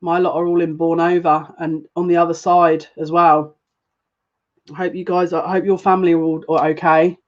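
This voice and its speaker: A woman giving a live-streamed tarot reading, chatting with viewers, emotional and gushing, with excitable quick restarts. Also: lowish voice, dull audio. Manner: emotional and gushing, easily moved. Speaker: psychic tarot reader.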